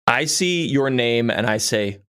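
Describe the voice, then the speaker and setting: A man with a faint Long Island accent, co-hosting a podcast in easy, teasing chat. His voice sits at an ordinary middle pitch, and he talks with quick restarts and joking asides. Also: expressive, sharp tone, clear, resonant tone. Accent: New York Long Island, mostly softened. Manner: playful, teasing, chatty with restarts. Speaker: podcast co-host. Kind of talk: casual chat.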